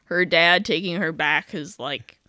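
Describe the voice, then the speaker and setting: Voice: mid-range voice, measured pace, bright, forceful tone, dry recording, clean studio sound. A podcast co-host chiming in with wry jokes in casual comic banter.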